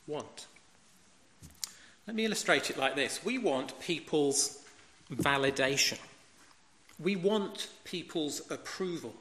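A man's voice: high voice, fairly bright tone. A man preaching a sermon, emphatic and fond of rhetorical questions. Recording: echoey hall with long reverb.

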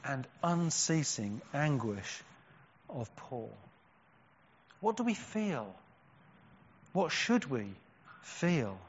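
A slightly high-voiced man delivers a sermon at an unhurried pace, earnest and emphatic, often dropping to a hush. His voice rings through a large hall with a long echo, and the recording sounds a little dull. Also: slightly rough. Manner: earnest, rising to emphatic cries and dropping to hushed, slow stresses. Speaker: preacher.

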